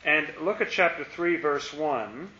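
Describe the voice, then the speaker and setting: A man with a somewhat high voice leads an informal Bible study, thinking aloud and posing rhetorical questions. The recording is roomy and muffled. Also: expressive, unhurried, pushed and bright.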